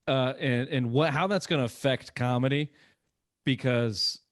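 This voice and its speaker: A man's voice: medium pitch, measured pace, no echo, studio quality. A man hosting a sports podcast, asking loose, profane questions in casual chat. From Boston area.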